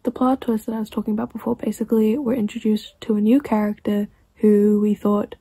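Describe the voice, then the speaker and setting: A woman chatting casually in a reading vlog, rambling and excitable, swearing freely and sometimes dropping to a hushed near-whisper. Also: mid-range voice, fairly quick, husky, dry recording. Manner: drops to a hushed near-whisper late at night. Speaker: book vlogger.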